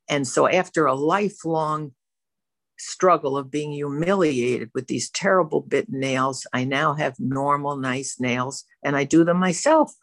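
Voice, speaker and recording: A woman's voice: low-pitched, no echo. A woman telling her personal recovery story in a candid, self-reflective way, as a member of a twelve-step program speaking to a camera. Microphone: facing a camera.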